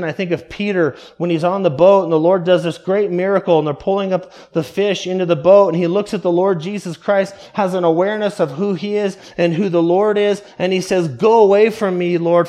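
A man preaching a sermon earnestly, dropping low and quiet for emphasis and drawing out quoted prayers slowly. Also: fairly even intonation.

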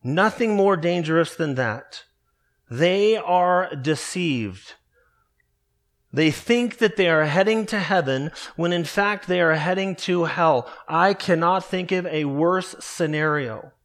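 Slow, emphatic high-voiced male preacher. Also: fairly bright tone. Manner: earnest, emphatic preaching, slows to stress key words. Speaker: pastor. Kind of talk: sermon.

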